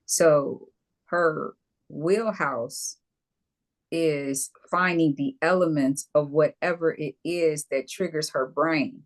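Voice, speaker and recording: A woman co-hosting a casual talk show, lively and emphatic, with playful asides to the audience. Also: low-pitched, takes it slowly.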